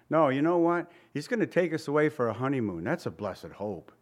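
A man's voice: a little high, very animated, brisk, few pauses. A man preaching a sermon as pastor, in a conversational style full of rhetorical questions, now and then acting out the voices he quotes. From Italian family background.

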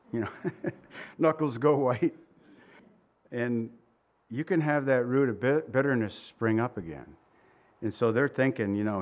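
A man's voice: medium pitch, a little slow, long pauses. A male pastor preaching a sermon in a conversational way, acting out quoted asides and asking rhetorical questions.

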